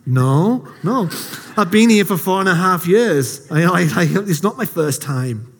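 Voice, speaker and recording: A man's voice: sits high, expressive, measured pace, breathy edge. A man in his thirties giving a casual, jokey sermon to a congregation, telling self-deprecating stories. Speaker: lay preacher. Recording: long hall reverb.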